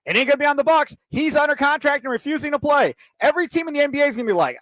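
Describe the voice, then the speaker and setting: A man's voice: very high voice, animated, very fast, fairly bright tone, no echo, low-quality recording. A man hosting sports talk radio, ranting in heated, emphatic bursts into a studio mic.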